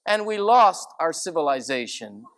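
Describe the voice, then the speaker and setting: A man voicing a calm, faithful elderly nun with a gentle, firm humor. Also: fairly high pitch, moderate pace. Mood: wry.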